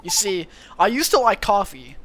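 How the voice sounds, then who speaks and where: A man's voice: high-pitched, wildly swooping pitch, moderate pace, fairly bright tone, a little hiss or hum, exaggerated voice. A man voicing a laid-back young male satyr with a put-on Californian accent and a bleating, goat-like drawl. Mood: chatty. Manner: upbeat, easygoing slang.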